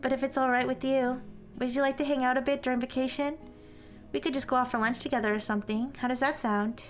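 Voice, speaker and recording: Woman reading as a gentle caring senior schoolgirl. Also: high-pitched, fairly even intonation, quick pace, soft background music, lightly acted. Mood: tender. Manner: soft, reassuring.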